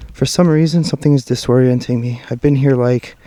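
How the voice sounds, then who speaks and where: A man's voice: medium pitch, mellow, dry recording. A man filming himself as he hurries out of a forest at night, talking nervously to his viewers, sighing and swearing under his breath. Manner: jittery, swearing, often sighing and muttering. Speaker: paranormal vlogger. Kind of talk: nervous first-person vlog narration. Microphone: handheld camera mic while walking. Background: faint night forest noise and rattling.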